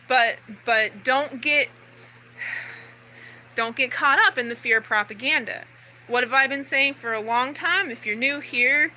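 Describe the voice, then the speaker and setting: Woman ranting to her camera, swears constantly, keeps restarting, very bright tense voice, a bit high. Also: low-quality recording. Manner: profane, intense, many restarts and fillers. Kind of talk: rambling spiritual monologue to camera.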